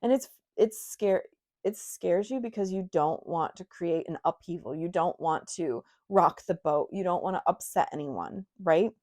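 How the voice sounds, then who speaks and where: A young woman with a slightly low voice talks through a tarot card spread for her viewers. She sounds casual and frank, filling her speech with "um" and "you know" and throwing in blunt personal asides. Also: moderate pace, darkish tone. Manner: chatty and frank, with many fillers and asides. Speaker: tarot reader. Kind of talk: casual intuitive tarot reading.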